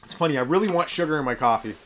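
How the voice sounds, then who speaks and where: Male comic host, sarcastic rambling monologue, slightly high lively voice. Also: racing. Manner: rambling, sarcastic, mumbles asides. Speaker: podcast host. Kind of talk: stand-up comedy monologue.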